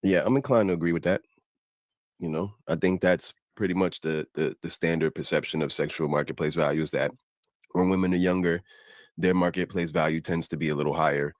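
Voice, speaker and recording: A man on a discussion panel speaking in a measured, analytical way. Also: low-pitched, steady tone, dry recording. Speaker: panel guest.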